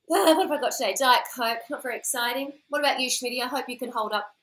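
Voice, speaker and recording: A woman's voice: sits high, fast talker, fairly bright tone, rough recording. A woman co-hosting a podcast, bantering and teasing in casual chat. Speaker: podcast co-host.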